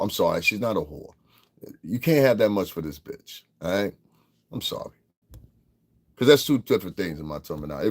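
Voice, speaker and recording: A New York podcast host with a deep, husky voice rants through casual livestream commentary. He's profane and rambling, and he keeps repeating himself.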